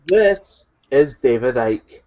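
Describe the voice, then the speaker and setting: Slow-paced male co-host, noisy muffled mic. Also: medium pitch, animated.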